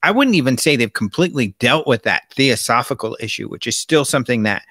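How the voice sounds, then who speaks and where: Male host, chatty monologue with read-out quotes; bright, forceful voice, dry close sound. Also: medium pitch, expressive, fast talker, no echo. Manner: chatty, gestures with his hands while talking. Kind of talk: casual monologue reading out quotes.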